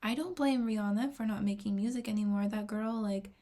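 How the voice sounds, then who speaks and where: A young woman giving casual, rambling reaction commentary on an album, excitable and often dropping to a whisper while she reads her notes. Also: medium pitch, brisk. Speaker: music reaction vlogger.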